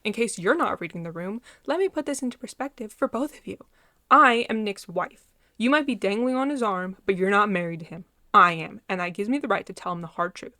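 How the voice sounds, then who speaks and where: A woman voicing a sharp-tongued young bride, reading her lines aloud from a novel with defiant sarcasm. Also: mid-range voice, normal speed, no room sound, studio quality, natural voice.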